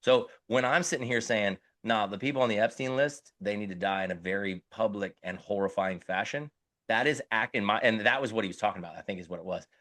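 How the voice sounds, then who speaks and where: Low-voiced earnest middle-aged man. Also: brisk, a bit bright, dry recording, clean studio sound. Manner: earnest, gropes for words with many restarts. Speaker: podcast co-host. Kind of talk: casual podcast conversation.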